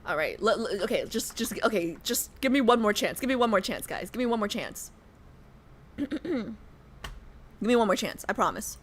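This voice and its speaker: An American woman streaming a game, chatting casually with her viewers in an animated, joking way. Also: mid-range voice, normal speed, breathy edge. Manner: animated, joking, talks to chat. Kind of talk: casual livestream chat.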